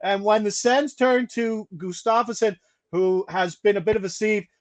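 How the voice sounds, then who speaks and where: Higher-pitched male host, quick stat-reader, casual betting talk. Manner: brisk, rattles off stats and odds, laughs mid-sentence. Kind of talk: casual sports betting chat.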